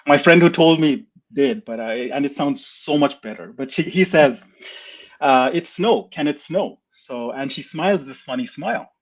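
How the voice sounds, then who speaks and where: Animated Indian-accented man, dull audio. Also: medium pitch, moderate pace. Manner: animated storyteller, frequent restarts and laughs. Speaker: guest. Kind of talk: casual chat, telling a life story.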